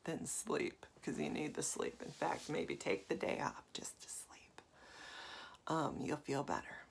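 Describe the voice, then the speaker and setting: Woman, 40s, meditation teacher; gravelly, breathy, low-pitched, confiding casual talk. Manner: soft, confiding, with frequent fillers and laughs.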